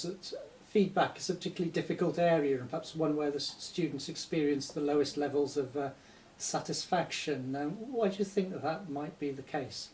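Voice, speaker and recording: A man's voice: on the high side, a little mellow. A man interviewing a guest, asking questions hesitantly with stumbles and fillers. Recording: distant mic, faint noise.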